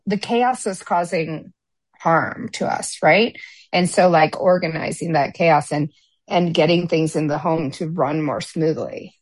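A woman's voice: on the low side, dry recording. A woman in casual conversation, rambling with many fillers and restarts. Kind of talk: casual chat.

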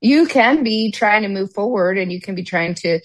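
A woman's voice: mid-range voice, expressive, moderate pace, dry recording. A woman in casual conversation, rambling with many fillers and restarts. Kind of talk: casual chat.

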